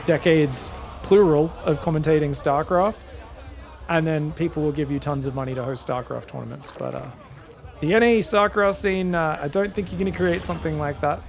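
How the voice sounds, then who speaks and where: A man commentating a strategy game solo, quick excitable play-by-play with casual asides to his viewers. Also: fairly high pitch, creaky. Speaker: esports caster.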